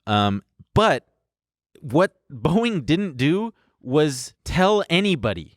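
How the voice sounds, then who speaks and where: Podcast cohost dude explaining stuff, swearing casually, dry no-room sound. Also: male voice, on the high side, very animated, slow pace, dry recording. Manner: explains at length, profane, laughs often. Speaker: podcast co-host. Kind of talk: casual chat.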